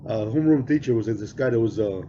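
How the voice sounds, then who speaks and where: A man's voice: medium pitch, fast, dark tone. A man co-hosting a podcast, telling stories in a laid-back, chuckling casual chat. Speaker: podcast co-host. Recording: muffled lo-fi with faint hiss.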